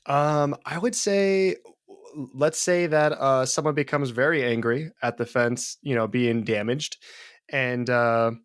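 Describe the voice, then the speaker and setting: A man's voice: mid-range voice, slow pace, smooth, no room sound, studio quality. A man playing as a guest on a tabletop role-play podcast, narrating hesitantly with many fillers. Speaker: guest player.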